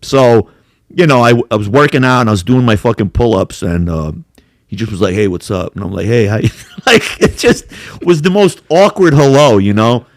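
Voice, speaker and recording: A man's voice: medium pitch, moderate pace, no echo, clean studio sound. A man telling profane, laughing anecdotes in a casual podcast chat. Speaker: podcast co-host.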